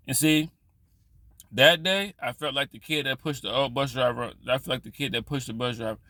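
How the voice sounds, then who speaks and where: A man's voice: mid-range voice, moderate pace, sharp tone, no room sound. A man vlogging in casual storytelling style, loose and profane, rambling with frequent restarts.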